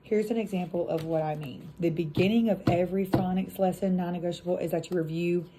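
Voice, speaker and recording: A woman in her thirties, an elementary school teacher, casually explaining a phonics routine and acting out the classroom chants with drawn-out letter sounds. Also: fairly low pitch, fairly even intonation, noisy background.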